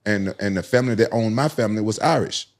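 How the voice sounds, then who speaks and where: A man's voice: fairly low pitch, fast. A man in his forties with a Southern American accent, guest on a podcast, telling stories animatedly with frequent laughs and repeated words. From United States. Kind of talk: casual chat.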